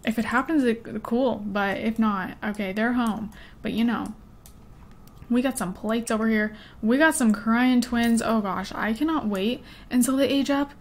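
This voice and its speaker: Her voice is a bit high and her pace measured. She's a young woman and gaming YouTuber who giggles and rambles through a life-sim game, chatty and easily distracted, blending let's-play commentary with story time.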